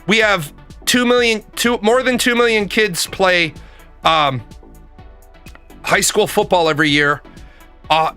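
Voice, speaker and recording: A man rants casually, swearing freely and repeating lines for emphasis. His voice sits high with a bright, forceful tone. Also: clean tone. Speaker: commentator. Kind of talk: casual profane rant.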